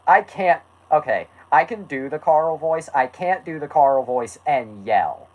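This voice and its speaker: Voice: mid-range voice, animated, measured pace, muffled recording. A host reading an old story aloud as a joke, with laughs and self-mocking asides. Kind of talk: comic read-aloud with asides.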